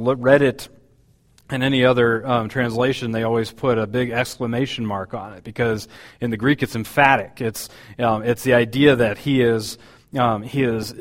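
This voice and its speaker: A man's voice: mid-range voice, in a large hall. A man preaching a sermon as pastor, talking in a conversational, hesitant way with many fillers.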